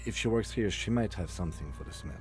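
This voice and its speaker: An actor voicing a grave, dry male narrator in a video game, with a deep, low voice. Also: animated, fast talker, soft background music, natural voice. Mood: wry.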